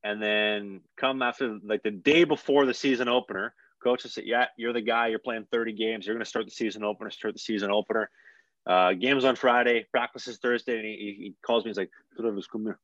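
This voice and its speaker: A man's voice: on the low side, fairly quick, no room sound, highs cut off. A young man, a hockey player, telling a story in a casual podcast chat, rambling and acting out what people said. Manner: rambling, animated, acts out quotes.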